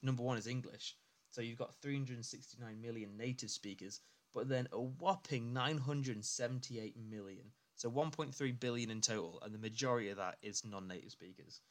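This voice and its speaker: A young man on a podcast reading out facts and asking curious questions in a casual chat. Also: lowish voice. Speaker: podcast co-host.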